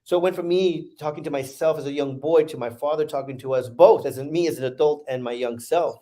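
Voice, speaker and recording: A man, a podcast guest, earnestly retelling a deeply emotional experience and repeating phrases for emphasis. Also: brisk, warm tone. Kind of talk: emotional storytelling.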